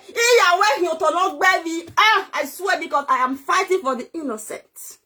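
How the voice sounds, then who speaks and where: Very high-pitched ranting Nigerian woman. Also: animated, a little fast. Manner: loud, scolding, swings between shouting and low muttering. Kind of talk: ranting monologue to camera.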